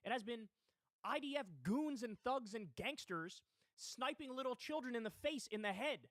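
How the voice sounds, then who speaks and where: A man's voice: extremely high pitch, moderate pace, a bit bright, dry recording, clean studio sound. A man hosting a political commentary livestream, talking in a heated, indignant way with swearing. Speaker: livestream host.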